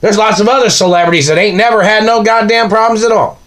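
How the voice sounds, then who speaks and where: Ranting man, pitch a bit high. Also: steady tone, quick pace, fairly bright tone. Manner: ranting, accusing, repeating questions. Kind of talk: angry monologue to camera.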